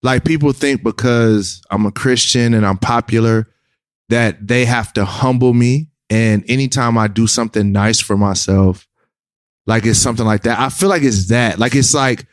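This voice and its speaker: A man talking as a rapper guest on a podcast, laid-back and slangy, animated when he quotes others. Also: medium pitch, moderate pace, no room sound, clean studio sound. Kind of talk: casual chat.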